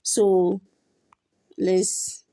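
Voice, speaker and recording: Slow, patient woman teaching code. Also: mid-range voice, level tone, warm tone. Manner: patient, explains step by step with fillers and repetition. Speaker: coding teacher. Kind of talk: screen-share coding tutorial.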